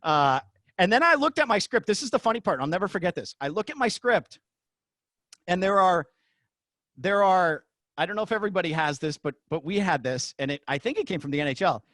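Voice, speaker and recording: Excitable man telling arena stories, dry sound. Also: high voice, brisk, dry recording. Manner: excitable, acts out shouted quotes. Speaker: guest, former arena announcer. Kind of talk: animated storytelling in a podcast interview.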